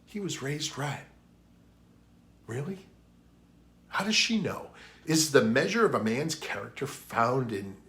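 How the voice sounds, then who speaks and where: A man preaching a sermon for an online worship video, opening with a prayer and telling a story in an earnest voice that rises for emphasis. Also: a little high. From New England. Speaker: pastor.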